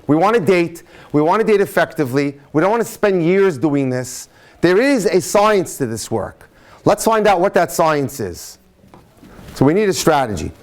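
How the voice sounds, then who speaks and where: A man lecturing as a rabbi to a live audience in a room, telling jokes and stories with lively shifts in speed. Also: on the high side. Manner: animated storytelling, speeds up and slows down.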